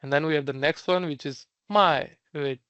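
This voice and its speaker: A man's voice: fairly high pitch, fairly even intonation, brisk, fairly bright tone, clean tone, dry recording, highs cut off. A young man teaching a language class online, recapping the lesson with many fillers and restarts.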